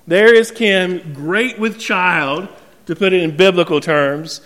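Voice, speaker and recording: A man in his thirties preaching a sermon as a pastor, telling a personal story with lively, self-mocking animation. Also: sits high, slow pace. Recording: long reverb of a large hall.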